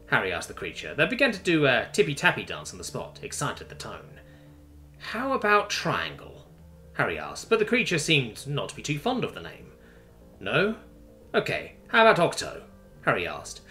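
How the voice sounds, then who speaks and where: A man narrating a science fiction story in an expressive, scripted reading. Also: mid-range voice. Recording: faint music underneath.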